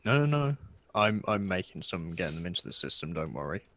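A man plays a factory game with a friend as co-host, easygoing and slightly hesitant with fillers, while also wrapping up the episode. His deep voice is very animated, fairly quick and a bit bright.

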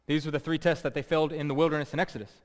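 Emphatic preacher in a reverberant hall. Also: male voice, fairly high pitch, level tone, racing. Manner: emphatic, repeats key words, restarts phrases. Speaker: pastor. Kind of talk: sermon. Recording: long reverb.

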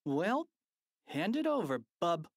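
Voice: medium pitch, big pitch swings, a little slow, no echo, clean studio sound, pitched above the performer's own voice. An audiobook reader voicing a mischievous young schoolboy prankster, eager and bossy. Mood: scheming. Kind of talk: audiobook character voice.

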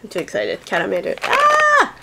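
A young woman hosting a toy channel gushes and giggles while unboxing a package at home on camera, in excited unboxing chat. Her voice is on the high side and very animated yet unhurried, with heavy background noise.

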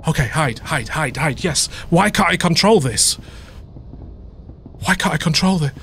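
A man's voice: fairly high pitch, animated, unhurried, fairly bright tone, slight background noise. A young man playing a horror game on video, panicky, swearing constantly and screaming. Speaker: gaming video host. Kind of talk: horror game let's play commentary. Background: game music.

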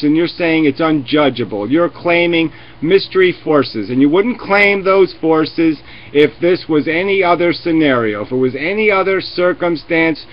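A profane ranting man on a lo-fi stream. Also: a little high. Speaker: host of a live video chat. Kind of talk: heated live debate. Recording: lo-fi webcam stream audio.

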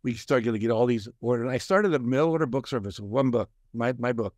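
Older male guest, animated storyteller, medium pitch, dry close sound. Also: quick pace, no echo. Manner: animated storyteller, acts out quoted voices. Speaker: guest, success coach and author. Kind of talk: storytelling in a conversation.

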